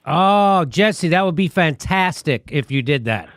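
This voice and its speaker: A man's voice: fairly high pitch, lively intonation, unhurried, noisy background. A male host in a political interview who makes wry, sarcastic quips.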